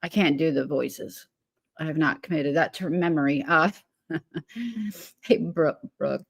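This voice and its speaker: A woman's voice: low-pitched, steady tone, normal speed, vocal fry, slightly rough. A woman hosting a casual livestream, greeting viewers by name and giggling, then rambling with many fillers. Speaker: livestream host.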